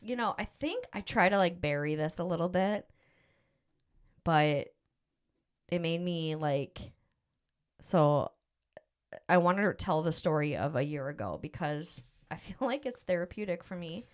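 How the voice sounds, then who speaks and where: A woman's voice: fairly low pitch, lively intonation, measured pace, long pauses. A middle-aged woman hosting a podcast, telling a personal story in a rambling, emotional way with lots of fillers. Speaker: podcast host. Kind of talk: casual storytelling chat.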